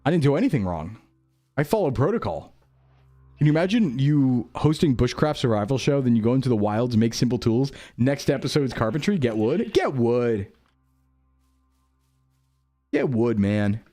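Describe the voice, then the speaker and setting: A man's voice: medium pitch, sing-song, a little fast, dark tone, soft background music. A young man rambling through casual gameplay commentary, jokey and self-mocking. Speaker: streamer.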